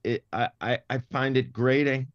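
A man's voice: mid-range voice, fairly even intonation, normal speed, dry recording, muffled recording. Thoughtful stammering man in his fifties. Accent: neutral Midwestern-style American. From Massachusetts. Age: 50s. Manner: thoughtful, frequent stammering restarts. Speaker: comedian guest. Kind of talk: interview conversation.

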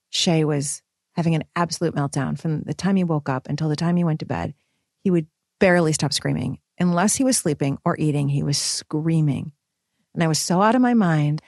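Candid, animated new mom vlogging. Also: female voice, low voice, no room sound, studio quality. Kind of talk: personal confessional vlog.

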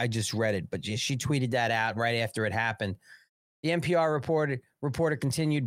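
A man's voice: mid-range voice, no room sound, studio quality. A man hosting a live political commentary show, reading news aloud and mocking it with crude swearing. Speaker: host.

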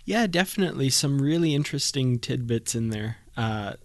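A man with a mid-range voice co-hosts a podcast in relaxed chat. He speaks in a measured, friendly way and laughs easily. The recording is close and dry. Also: medium pitch, no room sound. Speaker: podcast co-host. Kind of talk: casual podcast discussion.

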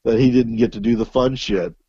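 A man's voice: mid-range voice, fairly quick, mellow, husky, dry recording, highs cut off. A man telling a long, profane story as an interview guest, full of fillers and restarts. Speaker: guest musician. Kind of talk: casual storytelling.

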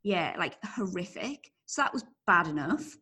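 A woman's voice: on the low side, expressive, a little slow, sharp tone, husky. Woman co-host, 30s, English, chatty and self-mocking, laughs easily. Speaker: podcast co-host. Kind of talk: casual chat.

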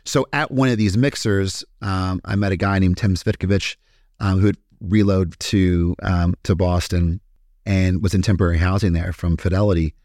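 A man with a Kentucky accent tells his own story as a podcast guest, candid and blunt, with frequent swearing and fillers. His voice sits fairly low. The recording is dry and close, with no room sound. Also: steady tone, moderate pace, a little mellow, dry recording. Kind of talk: casual storytelling interview.

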